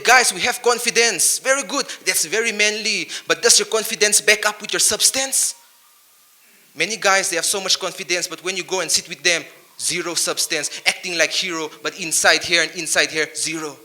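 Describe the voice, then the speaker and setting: A man's voice: sits high, sharp tone. A man giving a motivational speech to youth, punchy and emphatic, full of rhyming wordplay, into a handheld mic. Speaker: motivational speaker.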